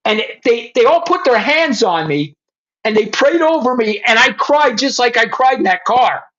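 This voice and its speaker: A man's voice: very high-pitched, animated, normal speed, a bit bright. A middle-aged man, a former police chief, telling his faith story in blunt, profane words and speaking straight to the host. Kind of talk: emotional personal testimony. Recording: slightly muffled lo-fi sound.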